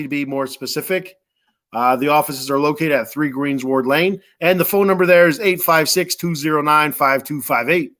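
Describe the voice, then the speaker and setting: A sports podcast host with a voice on the high side and a fairly bright tone reads sponsor ads casually, rambling and joking with lots of fillers.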